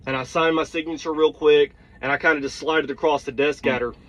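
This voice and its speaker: A man's voice: fairly high pitch, fairly even intonation, fast talker, fairly bright tone, poor audio. A truck driver telling a heated, blunt story, swearing and checking in with his listeners as he vents. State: tired. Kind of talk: storytelling vlog rant.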